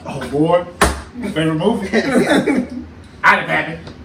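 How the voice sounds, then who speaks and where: A man's voice: a little high, expressive, slow, gravelly. A young man trading laughing banter in a casual group chat, often laughing as he talks. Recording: roomy, distant mic with loud noise.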